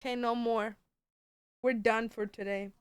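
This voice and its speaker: A woman's voice: on the high side, steady tone, background noise. A woman streaming a casual chat from home, cooing sing-song baby talk at her cats and swearing casually between jokes. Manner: swears casually, drawn-out joking phrases.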